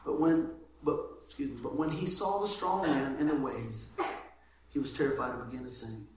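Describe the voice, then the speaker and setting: A man preaching a sermon as pastor, lively, moving between loud calls and soft asides. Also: mid-range voice, moderate pace. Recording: very echoey room with faint noise.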